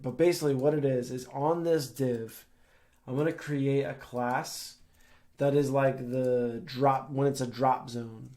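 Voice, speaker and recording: A young man talks through a software tutorial while sharing his screen, explaining each step in a loose, conversational way. His pitch sits in an ordinary middle range, and he sprinkles in "like" and "um" as he thinks aloud. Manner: casual, explains step by step with fillers. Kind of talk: screen-share coding tutorial.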